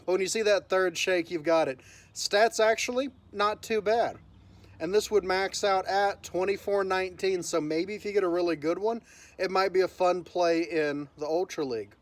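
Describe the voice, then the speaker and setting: Early-morning cracks break into this man's high-sitting voice as he hosts his gaming channel with cheerful play-by-play narration. No room sound is audible.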